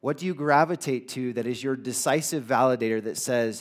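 A male pastor delivers a Sunday sermon in a church sanctuary. He preaches with earnest conviction, his voice swelling on key points and sinking low when he quotes. His pitch sits in the middle range for a man. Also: a little fast, hardly any pauses. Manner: earnest preaching, voice rising for emphasis and dropping low for quoted lines.

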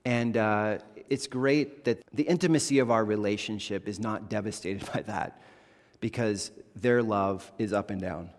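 A man's voice: fairly low pitch, measured pace. A man in his thirties, a pastor preaching a sermon in an earnest, conversational way, acting out quoted asides. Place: church sanctuary. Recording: reverberant church hall.

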